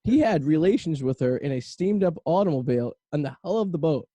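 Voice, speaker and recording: A man's voice: on the high side, expressive, brisk, warm tone, no echo. A man hosting a podcast, telling rambling, jokey stories in casual comedic chat. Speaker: podcast host.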